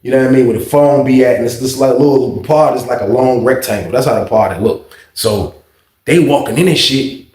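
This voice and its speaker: A man's voice: mid-range voice, brisk, darkish tone. A man telling a story from his past in a casual, slangy, profane, rambling way. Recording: echoey room.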